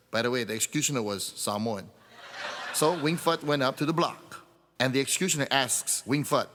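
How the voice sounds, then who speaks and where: A man's voice: medium pitch, brisk, bright, forceful tone, in a large hall. A man doing stand-up, telling jokes in a pidgin-flavored storytelling voice. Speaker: comedian. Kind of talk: stand-up joke telling with sung refrains.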